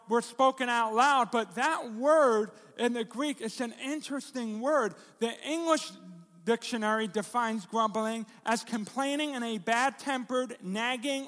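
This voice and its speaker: High-voiced man preaching in a reverberant hall. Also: fairly bright tone. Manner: conversational, self-deprecating preaching with jokes and rhetorical questions. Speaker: pastor. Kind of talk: sermon.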